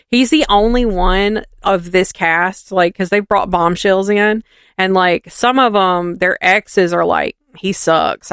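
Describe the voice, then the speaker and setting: Animated gossipy woman podcaster. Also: mid-range voice, clean tone, dry recording. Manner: animated gossipy storytelling, acts out quotes. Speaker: podcast co-host. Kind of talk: casual chat.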